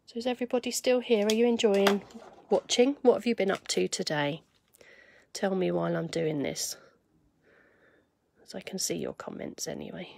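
A woman's voice: mid-range voice, normal speed, gravelly, a little mellow, dry recording. A woman giving a live craft demonstration, chatting to viewers and thinking aloud as she works.

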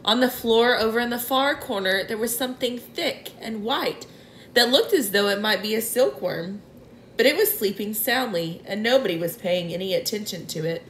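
A woman reading a children's novel aloud in an expressive way. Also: on the high side, moderate pace, slight background noise. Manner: expressive, clears throat now and then. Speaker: reader. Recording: roomy echo.

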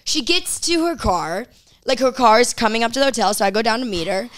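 Young woman, animated storyteller, casual interview chat, slightly high voice. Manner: animated, quick storytelling full of quoted dialogue.

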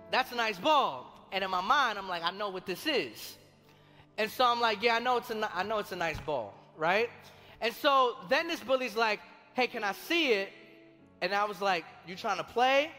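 A young adult man, a pastor preaching a sermon and telling stories from his own life in a conversational, animated way, acting out the voices he quotes. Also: sits high. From Colombia. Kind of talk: sermon with personal storytelling. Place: large church hall. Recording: long reverb of a church hall, faint music.

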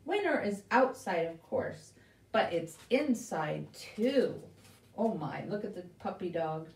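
A woman's voice: mid-range voice, slow. A woman librarian reading a picture book aloud at a live children's story time, asking questions, making animal sounds and teaching signs. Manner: animated, questioning, sound effects and sign language for kids. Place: library room. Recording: roomy echo, voice from a distance.

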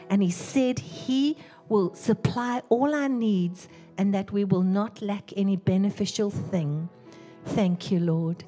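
An Australian woman reads scripture and leads prayer over the offering, earnest and lifting her emphasis on key words. Soft music plays faintly beneath her voice. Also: medium pitch. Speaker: church minister leading the offering.

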